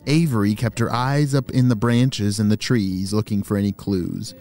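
A man's voice: lowish voice, steady tone, normal speed, darkish tone, faint music behind. A man hosting and narrating children's stories in an enthusiastic, playful way. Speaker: children's storyteller and host. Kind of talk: animated story narration for kids.

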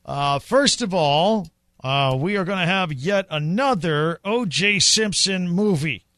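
A young adult man co-hosts a radio show, chatting casually and teasing while calling golf shots in passing during sports talk. His voice is high-pitched, animated, and fairly bright, a little slow, recorded with studio quality and no echo.

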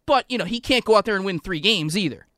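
A man's voice: high-pitched, expressive, fast talker, sharp tone, dry recording, clean studio sound. Blunt, skeptical male radio co-host. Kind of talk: casual sports talk radio.

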